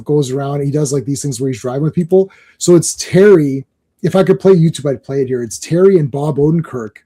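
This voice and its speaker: Laughing, high-voiced chatty man. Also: breathy edge. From Canada. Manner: animated storyteller, laughs often, repeats words. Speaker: podcast host. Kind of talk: casual chat.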